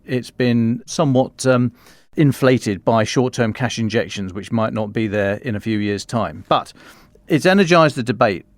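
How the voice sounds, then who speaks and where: A man's voice: mid-range voice, normal speed, no echo, studio quality. A man co-hosting a podcast, musing aloud in casual discussion, often restarting his sentences. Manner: thinking aloud, frequent restarts and fillers.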